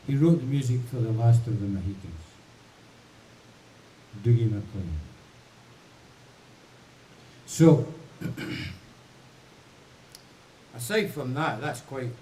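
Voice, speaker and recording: A musician hosts a livestream from his mountain home, rambling and thinking aloud in casual chat between songs. His mid-range voice is mellow and dark, a little slow with long pauses, picked up by a distant mic in a roomy space with faint hiss.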